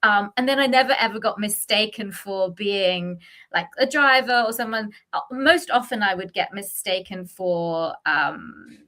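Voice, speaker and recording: A middle-aged woman from the UK, reflecting in a casual chat and pausing often with fillers and restarts. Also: medium pitch, lively intonation, sharp tone. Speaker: guest sharing her experience.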